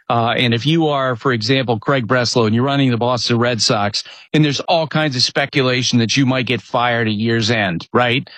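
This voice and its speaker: A man's voice: mid-range voice, a bit bright, no room sound. A man in a conversational sports talk, answering with emphatic opinions and thinking aloud. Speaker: baseball reporter.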